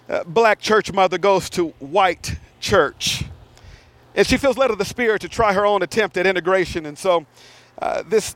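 A male guest pastor preaching an animated sermon with repeated phrases and stammered restarts. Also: high-pitched, no echo.

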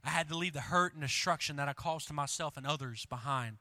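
A man's voice: on the high side, fast, bright, forceful tone. A young man preaching fervently as a student pastor, breaking off to joke with the crowd. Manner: fervent preaching that swings to a joking aside with the crowd. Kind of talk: sermon.

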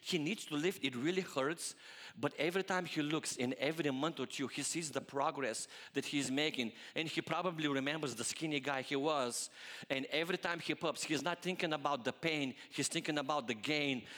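A male pastor preaching a sermon, animated and full of rhetorical questions aimed at the congregation. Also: mid-range voice, a little fast, big-room sound.

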